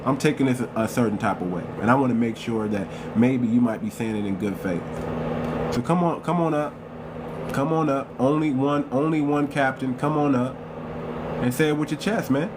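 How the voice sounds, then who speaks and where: A man's voice: mid-range voice, normal speed, background noise. A man hosting a live stream, talking in a confrontational way and repeating phrases for emphasis. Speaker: livestream host. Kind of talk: heated live-stream commentary.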